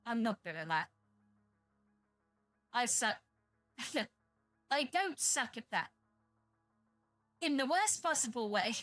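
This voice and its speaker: A woman's voice: fairly high pitch, very animated, slow pace, long pauses, fairly bright tone, no echo, faint music behind. A young British woman streaming live, chatting to viewers in a blunt, profane, rambling way and sounding tired. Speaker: livestreamer.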